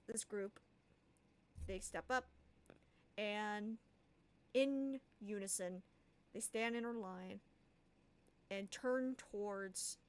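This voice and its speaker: A woman runs a tabletop game as its game master. She narrates at a slow pace, stopping often with fillers as she sets each scene. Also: mid-range voice. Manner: slow, hesitant, many fillers.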